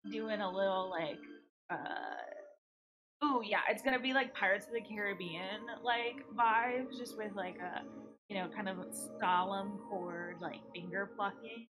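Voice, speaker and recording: A woman's voice: medium pitch, a little slow. A woman playing a tabletop game, rambling casually with many fillers. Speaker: player. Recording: dull lo-fi sound. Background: background music.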